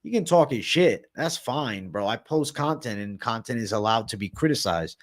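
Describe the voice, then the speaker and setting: A man's voice: mid-range voice, lively intonation, moderate pace. A man hosting a livestream, casually answering chat with slang and frequent swearing. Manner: profane, slangy, reads and answers chat comments.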